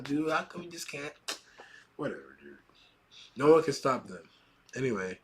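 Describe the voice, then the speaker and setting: Male reaction host, excitable and profane, reading manga panels aloud in a hushed voice. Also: mid-range voice, moderate pace, long pauses. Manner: excitable, swears a lot, laughs often. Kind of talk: casual reaction commentary.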